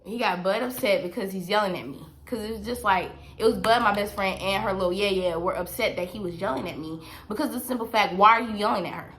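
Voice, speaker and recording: Young woman, storytime vlogger, emphatic and repetitive, speaks directly to viewers at a mid pitch. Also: fast, hardly any pauses, slight background noise. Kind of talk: storytime vlog.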